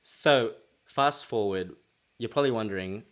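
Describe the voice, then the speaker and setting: A young man co-hosting a podcast tells a story in casual chat, acting out his own past thoughts. His voice is lowish and fairly bright in tone, moving at a moderate pace.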